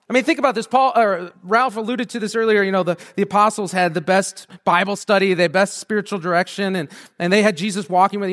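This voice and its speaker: Male preacher, high-pitched, casual joking delivery that swells into passionate prayer. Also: a bit bright. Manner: conversational and humorous, building to a rousing fervent prayer. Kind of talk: sermon.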